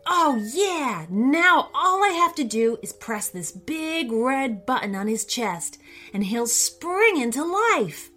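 A woman voicing an excited young boy inventor who talks in eager exclamations. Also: sits high, slow, faint music behind, pitched above the performer's own voice, heavily acted.

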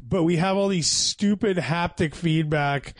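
A man in casual podcast chat with friends, animated and swearing freely. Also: on the high side, a little slow, a little hiss or hum.

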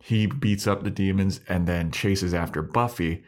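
Low-voiced man recapping an episode. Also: a little slow. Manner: retells scenes with acted-out quotes and swearing. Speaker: podcast co-host. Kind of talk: casual recap chat.

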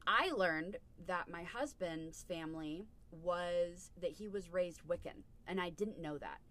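A woman hosting a podcast with a bright, forward voice. She chats casually and bluntly, swears freely and tells stories with lots of animation. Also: on the low side. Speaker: podcast host. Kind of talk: casual chat.

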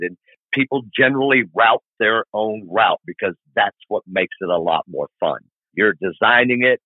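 A middle-aged man with a fairly low, husky voice tells stories in a lively, casual way and acts out each scene. The sound is dry and thin, like a phone call. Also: normal speed, no room sound. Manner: animated, colloquial storyteller who acts out scenes. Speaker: guest, long-distance motorcycle rider. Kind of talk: podcast interview storytelling. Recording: tinny phone-like remote line.

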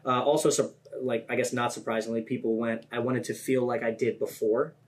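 A man's voice: mid-range voice, a little fast. A man guesting on a podcast, explaining things casually with lots of fillers. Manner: relaxed, filler-heavy explainer.

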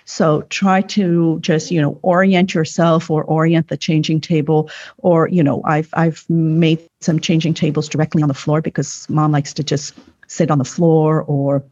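A woman in a casual talk, gently and earnestly explaining childcare ideas, often repeating words as she thinks. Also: low-pitched, flat delivery, normal speed, dry recording, lo-fi sound. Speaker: parenting guest expert. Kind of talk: casual advice chat.

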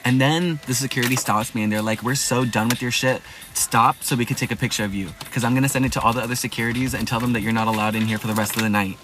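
A young man hosting a podcast, retelling a night out in a loud, profane, dramatic way. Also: medium pitch, steady tone, fast, hardly any pauses, background noise. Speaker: podcast host. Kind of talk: casual storytelling podcast.

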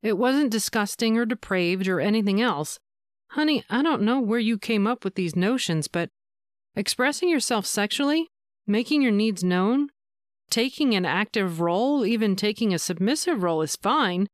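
A tender, reassuring man speaks gently to his partner, as a woman narrator puts him on. The voice is smooth and clean in a dry, close recording, patient and soft-spoken. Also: medium pitch, expressive, normal speed, no room sound, natural voice. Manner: gentle, soothing explanations. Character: reassuring adult male lover, tender.

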